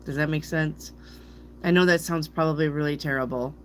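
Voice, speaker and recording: A woman's voice: sits low, steady tone, brisk, slight background noise. A middle-aged woman, a tarot reader, chatting casually to her viewers, playfully tripping over hard words and laughing at herself. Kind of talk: casual rambling chat to viewers.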